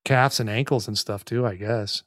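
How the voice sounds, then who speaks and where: A man's voice: on the low side, steady tone, normal speed, fairly bright tone, dry recording, clean studio sound. A man co-hosting a fitness podcast in casual, rambling chat full of fillers. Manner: chatty, rambling with many fillers. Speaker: podcast co-host.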